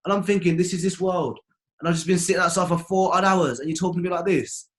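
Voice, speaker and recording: Young man telling a lively story. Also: high voice, quick pace. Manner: animated storytelling with slang. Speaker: member of a music collective. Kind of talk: casual conversation.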